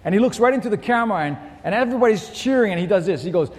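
A man's voice: sits high, animated, rapid-fire, big-room sound, a little hiss or hum. A man preaching a sermon to a congregation, telling a story and acting out the quoted lines. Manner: storytelling, acts out quotes and shouts. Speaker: pastor.

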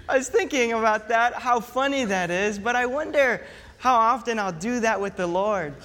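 A pastor preaching a sermon, telling a story in an animated way and acting out mock panic. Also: male voice, extremely high pitch, normal speed, a little hiss or hum. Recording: long hall reverb.

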